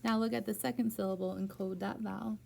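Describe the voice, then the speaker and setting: A woman's voice: mid-range voice, fairly even intonation, fast, gravelly, darkish tone, slight background noise. A woman teaching reading one-on-one, prompting a student step by step with patient encouragement. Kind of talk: one-on-one phonics tutoring.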